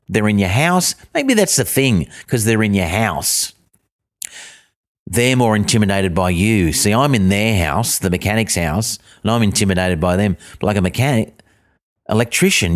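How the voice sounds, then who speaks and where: A middle-aged Australian man telling a swearing, ranting comic story, breaking into high outbursts. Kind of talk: comic monologue.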